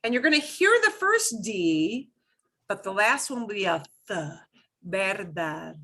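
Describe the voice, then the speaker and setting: A woman's voice: mid-range voice, sing-song, normal speed, sharp tone. A woman teaching a beginners' Spanish class, explaining pronunciation patiently and repeating words for students to echo.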